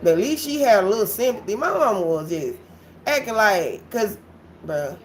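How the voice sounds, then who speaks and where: A woman telling a story on her live stream, animated and blunt, swearing freely and talking straight to her viewers. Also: medium pitch, moderate pace, slight background noise. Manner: animated, blunt and profane, addresses viewers as y'all. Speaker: livestreamer.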